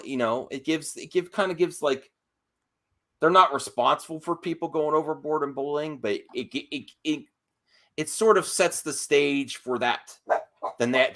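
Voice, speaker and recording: A man's voice: medium pitch, a bit bright. A man hosting a live stream, chatting casually and earnestly, often stopping and restarting his sentences.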